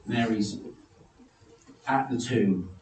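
A man preaching a sermon in a church, animated, acting out figures from the story in high excited voices. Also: very slow, reverberant, recorded from a distance, a little hiss or hum, rough recording.

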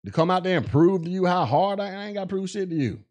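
A man's voice: high-pitched, quick pace, darkish tone. A man hosting a podcast, speaking in with blunt, mocking commentary and laughing at his own jokes. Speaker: podcast host. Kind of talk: casual commentary.

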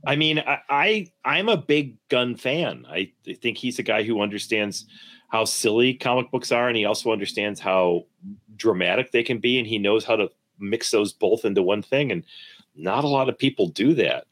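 A man's voice: lowish voice, animated, moderate pace, fairly bright tone. A man co-hosting a podcast, rambling casually with many fillers and restarts. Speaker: podcast co-host. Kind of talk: casual chat.

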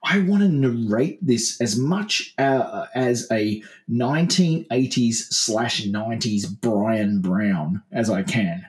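A man co-hosting a comedic podcast, bantering and slipping into quick silly character voices. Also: medium pitch, reverberant. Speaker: podcast co-host. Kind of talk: comedic casual chat.

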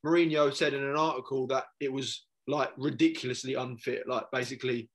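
A man's voice: mid-range voice, steady tone, a little fast. A man from England co-hosting a football podcast, ranting and swearing in casual chat. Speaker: podcast co-host.

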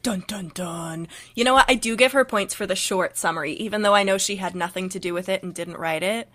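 A woman's voice: mid-range voice, fast talker, a bit bright. A young adult woman co-hosting a podcast, casual and wry, with sarcastic jabs and frequent laughs. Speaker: podcast co-host. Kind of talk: casual chat.

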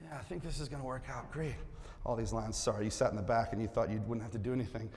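In a church sanctuary with long hall reverb and slight background noise, a pastor with a medium-pitched, fairly even voice preaches fast. He playfully coaxes the congregation to join in, then turns earnest and quiet.

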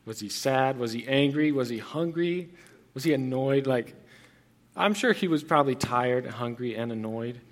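A man's voice: medium pitch, lively intonation, normal speed. A young man preaching a sermon as pastor, earnest and conversational, with frequent restarts and fillers.

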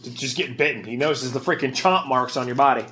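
A man voicing a gruff male orc leader who speaks in grave, clipped commands, with faint buzzing behind him. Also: mid-range voice, fast talker, a bit bright, slight background noise, lightly acted, low-quality recording. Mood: stern.

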